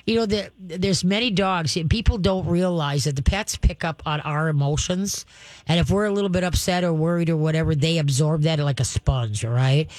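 A woman hosts a call-in radio show on pet advice, coaching callers on dog behavior in a chatty, folksy way and acting out coaxing voices to the dog. Her voice is low and a little mellow, her pace moderate, and there's no echo.

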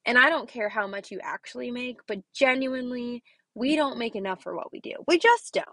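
Fairly quick and pushed, her high-leaning voice comes across bright and dry, free of any room sound. She's a kindergarten teacher running a casual motivational podcast, stressing things emphatically, tossing in "okay?" again and again, and whispering when a point really matters.

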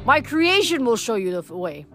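A woman voicing a gruff, wry male blacksmith god who speaks slowly and deliberately. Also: a little high, sing-song, fairly bright tone, soft background music. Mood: grave.

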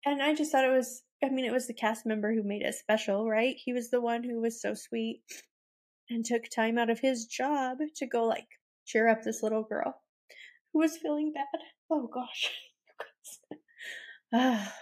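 A woman's voice: on the high side, steady tone, moderate pace. A woman hosting a podcast, telling personal stories in a casual way, choked up and close to tears, laughing through it. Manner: emotional, tearful and laughing while telling stories. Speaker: podcast host. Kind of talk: casual storytelling.

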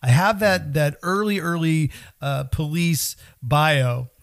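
A man's voice: on the high side, takes it slowly. A man hosting a casual interview, chatty and emphatic, with rambling questions. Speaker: show host and musician.

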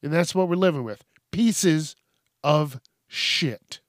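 A podcast host rants his way through a comedic news show, cursing freely and laughing at his own remarks in exasperated bursts. He speaks slowly in a voice slightly high for a man, recorded close and completely dry with no echo.

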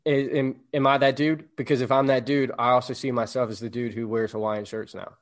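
A man's voice: mid-range voice, little pitch movement, fairly quick. A man co-hosting a podcast, talking through ideas in a rambling, reflective way during casual chat. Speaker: podcast co-host.

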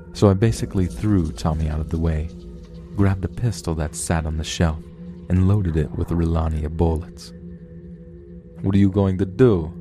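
A man narrating a horror story in a slow, grave storytelling manner, with music behind. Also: low-pitched.

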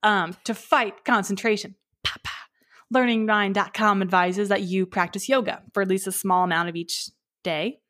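A woman's voice: mid-range voice, steady tone, moderate pace, a bit bright. A young woman co-hosting a casual podcast chat, upbeat and jokey, laughing often. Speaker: podcast co-host.

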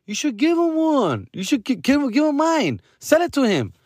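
A man voicing his earnest, kind son, who urges him in a soft voice. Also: very high-pitched, wildly swooping pitch, normal speed, dry recording, studio quality, voice pushed up, full character voice. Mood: urging. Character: earnest boy, kind and insistent.

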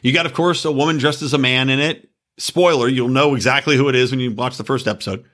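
A man's voice: mid-range voice, quick pace. A man hosting a podcast, ranting casually and profanely, often wandering off topic. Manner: animated, profane, digressive. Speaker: podcast host. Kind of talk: casual opinion rant.

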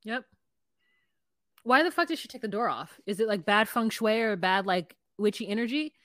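A woman co-hosts a casual podcast in a blunt, sassy way, critical and quick with a sharp comment. Her pitch is middling. The sound is dry and close. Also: lively intonation, dry recording. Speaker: podcast co-host. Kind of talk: casual chat.

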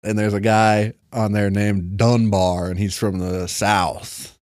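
A man with a lowish voice co-hosts a comedy podcast, rambling loosely and laughing a lot. His voice is close and dry, with no room echo. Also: level tone, slow. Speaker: podcast co-host. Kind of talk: casual comedic chat.

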